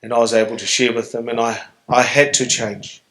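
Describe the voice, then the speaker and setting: A man's voice: medium pitch, level tone, fairly quick, fairly bright tone, poor audio. Earnest New Zealand man telling his story. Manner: earnest, reflective, emotionally open. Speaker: guest speaker. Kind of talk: live stage Q&A storytelling. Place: on stage before an audience.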